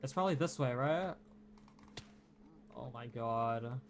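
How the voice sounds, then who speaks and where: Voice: medium pitch, takes it slowly, slight background noise. A streamer giving frantic live commentary during a game, swearing and mocking their own mistakes. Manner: frantic, swearing, self-deprecating outbursts. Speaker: streamer playing in a tournament.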